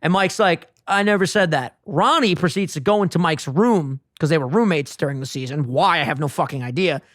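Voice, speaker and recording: High-voiced man, animated casual storyteller. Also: a little fast, no room sound, studio quality. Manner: animated storyteller, swears a lot, acts out the quoted voices. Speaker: podcast co-host. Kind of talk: casual chat, retelling a TV scene.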